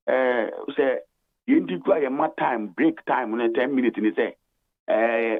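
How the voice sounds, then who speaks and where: A Ghanaian man calling in to a radio talk show, speaking in a measured, hesitant way with many drawn-out fillers. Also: medium pitch. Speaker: studio guest on the phone. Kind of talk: radio talk-show discussion mixing Twi and English. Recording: tinny phone line.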